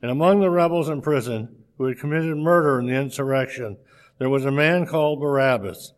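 A man reading a scripture passage aloud in a steady, measured way, with a few slips. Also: mid-range voice.

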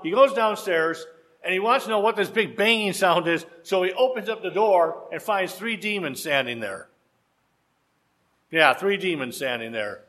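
A man preaching a sermon, telling a story with rhetorical questions and dramatic pauses. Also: sits high, sharp tone.

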